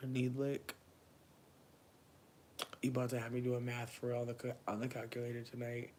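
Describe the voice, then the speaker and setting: Expressive, slangy man in his thirties. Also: unhurried, long pauses, background noise. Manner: expressive, swinging between loud bursts and low murmurs; profane, slangy, chatty. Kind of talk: casual livestream chat.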